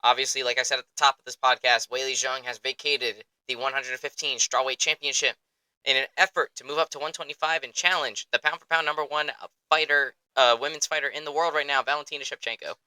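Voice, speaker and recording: A young man hosting a sports podcast in an excitable, rambling, profane way, close to the mic. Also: mid-range voice, no echo, rough recording. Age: young adult. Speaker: podcast host. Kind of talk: casual chat.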